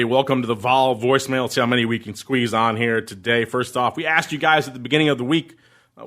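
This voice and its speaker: A man's voice: fairly high pitch, a bit bright. A man hosting a podcast in casual chat, joking and laughing as he reads listener messages. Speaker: podcast host.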